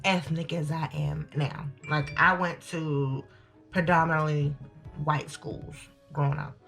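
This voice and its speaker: A young woman, chatting to viewers as she tells a lively storytime. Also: low-pitched, a little slow, vocal fry, soft background music. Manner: animated, chatty, addresses viewers as y'all. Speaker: storytime vlogger. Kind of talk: casual storytelling to camera.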